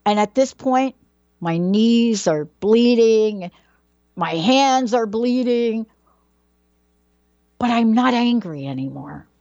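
A woman's voice: medium pitch, a little mellow, no echo, highs cut off. A woman telling a personal childhood story in a dramatic way, building suspense with questions and repetition.

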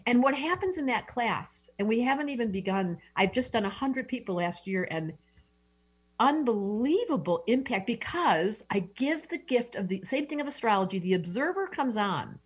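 In this interview, a middle-aged astrologer talks with effusive emotion, often starting her sentences over. Her pitch is fairly high and swings widely, her speed normal, and her voice has a slight roughness.

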